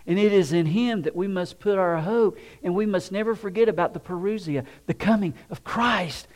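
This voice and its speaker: A man with a high voice preaches a sermon with an animated delivery. He shifts his tone to play out little scenes and chuckles along the way. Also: moderate pace. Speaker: pastor.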